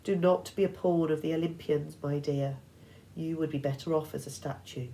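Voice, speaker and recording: A woman voicing a soothing old female monster posing as a kindly grandmother, with a soft, coaxing purr. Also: deep voice, level tone, moderate pace, slight background noise, poor audio. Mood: soothing menace.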